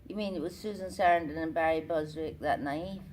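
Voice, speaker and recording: Speaking a little fast in a low, darkish voice, the older actress shares stage stories during a convention-room interview, acting out the lines she quotes. There's slight background noise.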